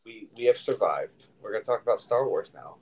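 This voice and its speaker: A man with a fairly low voice chats loosely as a podcast co-host. He rambles with lots of ums and restarts, keeping an easygoing conversational flow. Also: expressive, brisk, breathy edge, rough recording. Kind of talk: casual podcast chat.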